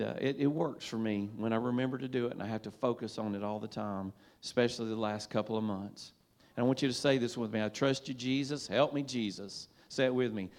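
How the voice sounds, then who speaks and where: A man in the role of pastor, preaching a sermon in a folksy, conversational way and leading the congregation in call-and-response. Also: mid-range voice. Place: church sanctuary.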